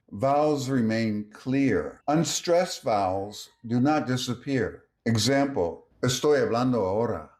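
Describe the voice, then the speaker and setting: Male narrator, slow measured teaching read, mid pitch. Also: a little mellow. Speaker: language teacher. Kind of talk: scripted explanatory narration.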